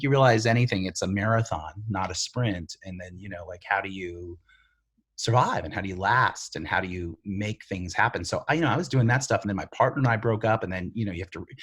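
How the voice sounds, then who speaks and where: Middle-aged man from the Bronx, lowish husky voice, candid and rambling guest. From the Bronx, New York. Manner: animated, rambling, filler-heavy. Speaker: TV writer and showrunner, guest. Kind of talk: candid interview storytelling.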